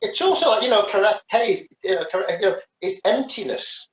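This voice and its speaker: A man's voice: high voice, animated, fairly quick. A man co-hosting a casual podcast chat, rambling with many restarts and fillers. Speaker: podcast co-host, karate teacher. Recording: echoey, dull lo-fi sound.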